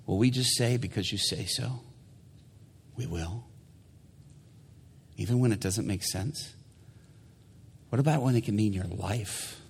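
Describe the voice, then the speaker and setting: A man's voice: low voice, slightly rough, big-room sound. A male pastor preaching a sermon, telling a story animatedly and acting out the people in it.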